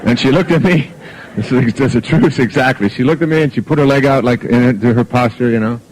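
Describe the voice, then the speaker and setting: A man's voice: mid-range voice, fairly quick, slight background noise, rough recording. A middle-aged man giving a self-help talk to a live audience, anecdotal and jokey, acting out quoted dialogue. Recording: old archive audio recording.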